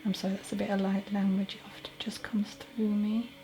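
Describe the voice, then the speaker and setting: A woman giving a solo mediumship reading as a psychic medium, talking in a halting, chatty way and correcting herself as she goes. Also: medium pitch, level tone, over music, low-quality recording.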